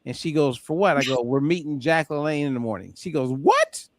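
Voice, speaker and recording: A man hosting a group call, telling an animated story and acting out the voices of people in it. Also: mid-range voice, fast talker, dry recording, studio quality. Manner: animated, acts out voices in anecdotes. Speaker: host. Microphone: call audio.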